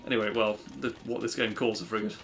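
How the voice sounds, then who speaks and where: A man's voice: lowish voice, flat delivery, fast talker, fairly bright tone, soft background music. A young man streaming a game, rambling and self-deprecating in casual commentary.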